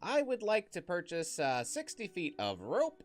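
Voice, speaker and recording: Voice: mid-range voice, huge pitch swings, measured pace. A player voicing a brash male adventurer haggling over rope. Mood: bargaining. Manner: brash, bargaining.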